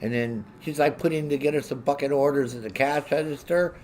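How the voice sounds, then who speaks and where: A man's voice: a little high, brisk, slight background noise. A man streaming and ranting casually to his viewers, swearing heavily and sounding indignant. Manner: profane, heavy swearing; animated, indignant.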